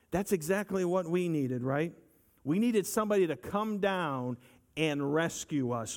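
A man's voice: mid-range voice, darkish tone. A man preaching a sermon in an earnest voice, repeating his phrases and asking the listeners for agreement. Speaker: pastor.

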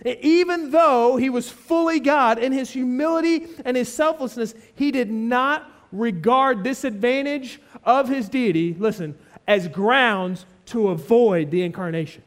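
A man's voice: very high voice, a little slow. A man preaching an expository sermon, explaining a passage with earnest emphasis and frequent restating in other words.

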